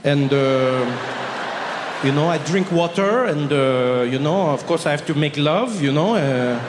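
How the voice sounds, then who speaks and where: A man's voice: fairly high pitch, lively intonation, measured pace, big-room sound, background noise. A man putting on a drawling carefree Frenchman. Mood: puzzled. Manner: drawling, hesitant, full of "uh".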